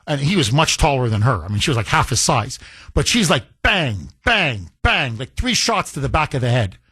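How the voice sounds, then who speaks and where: A man hosting talk radio, telling a story in an animated way into a studio microphone. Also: medium pitch, normal speed, slightly rough, dry recording.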